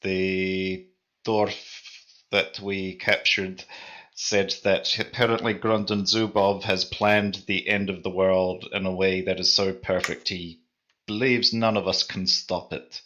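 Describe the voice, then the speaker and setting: A man voices an earnest adventurer speaking to an old friend. His voice is bright and lowish, and he talks slowly before bursting out. It's a player's character at a tabletop game. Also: level tone, muffled recording, heavily acted. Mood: fervent. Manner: fervent, exclaiming.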